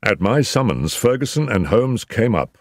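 An older man narrating a classic mystery in a measured storytelling manner. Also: mid-range voice, sing-song, no room sound, studio quality. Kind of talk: audiobook narration.

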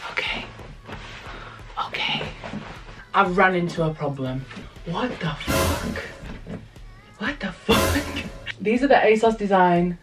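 A woman's voice: lowish voice, darkish tone, recorded from a distance. A young British woman casually chatting through a clothing try-on, candid and exclamatory, talking straight to her viewers. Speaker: vlogger. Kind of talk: casual try-on haul chat. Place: indoor room with a mirror and a stool.

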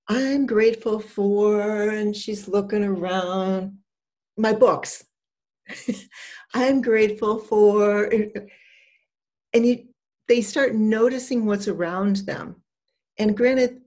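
An older woman, an empowerment coach, speaking in a gentle, conversational, encouraging way. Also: medium pitch. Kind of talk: casual advice talk.

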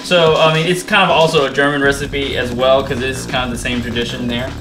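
A man's voice: medium pitch, level tone, a little fast. A man co-hosting a casual cooking show, chatting loosely and joking with filler words while he cooks. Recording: echoey room with music behind.

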